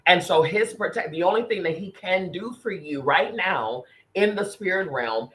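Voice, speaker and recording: A man's voice: sits high, expressive, moderate pace, fairly bright tone, poor audio. A man co-hosting a podcast, earnestly telling a personal spiritual story in casual chat, often restarting and repeating phrases. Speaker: podcast co-host.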